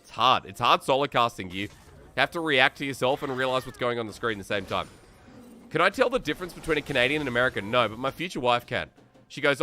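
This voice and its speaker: An Australian man solo-casting an esports match, excitable and chatty, thinking aloud and reading viewer comments between plays. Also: mid-range voice, quick pace, faint music behind. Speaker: esports caster. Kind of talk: solo play-by-play commentary and chat. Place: New South Wales.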